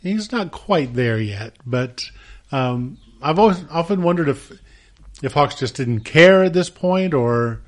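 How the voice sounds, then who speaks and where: A man interviewing a guest, sharing considered opinions in an unhurried way with some hesitant fillers. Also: fairly high pitch, animated. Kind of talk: casual interview conversation.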